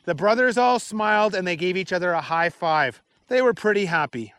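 Male storyteller, unhurried and expressive, fairly high voice, dry and close. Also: clean tone, dry recording. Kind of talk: storytelling aloud.

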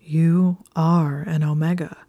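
A woman voicing a possessive young male wizard lover in a breathy, whispered role-play. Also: deep voice, fairly even intonation, a little slow, warm tone, lo-fi sound. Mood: insistent.

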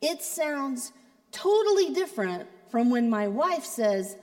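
High-voiced woman preaching, slow and reverberant. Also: lively intonation, a little mellow. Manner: conversational, playful preaching with asides. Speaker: creative arts pastor. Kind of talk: sermon.

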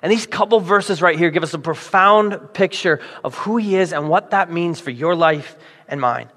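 A man's voice: sits high, moderate pace. Playful preacher man in a reverberant hall. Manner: animated storytelling with playful voices for characters. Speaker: pastor. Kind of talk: sermon.

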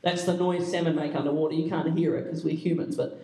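A man's voice: a little high, level tone, fast, dark tone. A young man speaking as a youth pastor, telling comic, self-mocking stories to a youth audience. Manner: playful, self-mocking, jokey asides. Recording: echoey room, mic at a distance.

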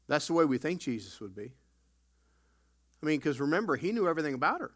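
A man pastor preaching a sermon, emphatic with sudden loud bursts and folksy storytelling asides. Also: fairly high pitch, big pitch swings, quick pace.

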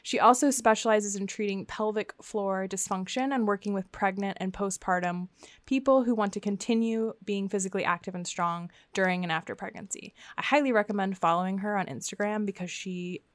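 A woman with a Southern US accent hosts a casual podcast and keeps things upbeat. Her voice is even in pitch and recorded very dry, with no room sound around it. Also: brisk, no echo. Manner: upbeat, reads guest intros. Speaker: podcast host.

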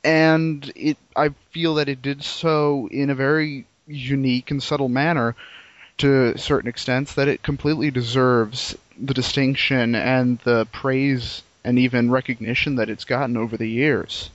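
A man's voice: medium pitch, steady tone, normal speed. A man hosting a games podcast discussion, earnest and questioning, laughing often. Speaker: podcast host. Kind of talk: casual roundtable discussion. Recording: dry dull lo-fi podcast audio.

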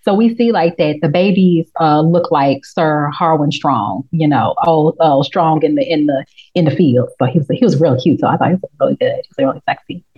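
Animated woman, dull lo-fi sound. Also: deep voice, moderate pace, breathy edge. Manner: animated, acts out characters in quoted lines, swears freely. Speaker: podcast co-host recapping a TV episode. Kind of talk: casual chat.

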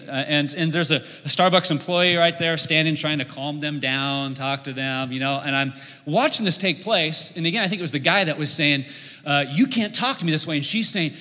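A man's voice: fairly high pitch, expressive, fast talker, sharp tone, big-room sound. A man preaching a sermon, telling a story animatedly and acting out the people in it. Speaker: pastor.

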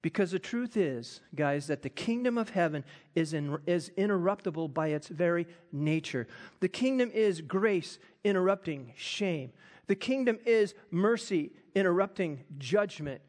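A man preaching a sermon, animated and acting out quoted voices. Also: sits high, unhurried. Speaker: pastor.

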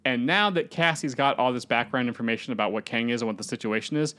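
Man, podcast co-host, casual chat, animated plot retelling, acts out lines in voices, mid-range pitch. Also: quick pace. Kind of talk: casual movie-rewrite chat.

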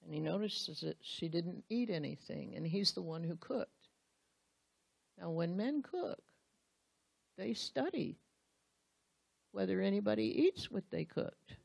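A woman's voice: on the low side, expressive, a little slow, vocal fry, long pauses, a little mellow, husky, no room sound. A woman Bible teacher giving a sermon, speaking earnestly and straight to the husbands in the room, acting out the quotes she reads.

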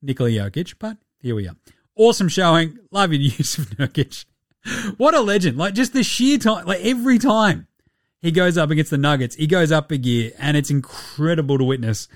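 A man's voice: on the high side, animated, normal speed, no echo, clean studio sound. A man hosting a basketball podcast, ranting with heavy swearing and putting on mock voices. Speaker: podcast host. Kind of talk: profane basketball commentary podcast.

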